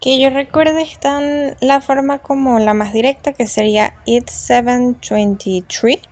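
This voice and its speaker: A woman's voice: sits high, fairly even intonation, moderate pace, a little mellow, no room sound. A woman student with a Spanish accent answering in class, hesitant and mixing Spanish and English.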